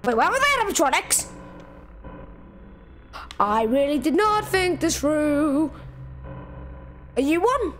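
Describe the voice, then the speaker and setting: A woman doing let's-play game commentary in an excitable, loud way, jumping between shouting and muttering. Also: high-pitched, takes it slowly, long pauses. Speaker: gamer.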